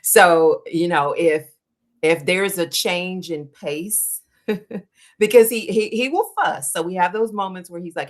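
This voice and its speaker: A woman's voice: sits low, unhurried. A woman guest on an interview show, talking casually and animatedly about working with her running coach, acting out quoted conversations. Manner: animated storytelling, acts out quoted dialogue. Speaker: guest, endurance runner.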